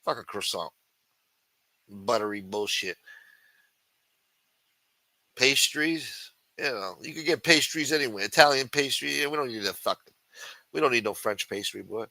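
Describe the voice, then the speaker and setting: Loud profane man ranting on a livestream. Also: medium pitch, expressive, normal speed, pauses often, no echo. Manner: loud, taunting, swings between shouting and muttering; rambling, swears constantly, answers chat aloud. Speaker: livestream host. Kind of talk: profane live chat rant.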